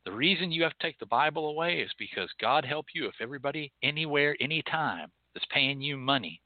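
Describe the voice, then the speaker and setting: Male show host, fired-up profane rant, higher-pitched, thin phone-line sound. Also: expressive, brisk, no echo. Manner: heated, profane, scolding. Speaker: host of a hoodoo and rootwork show. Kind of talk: angry ranting monologue. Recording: tinny phone-like line, dry.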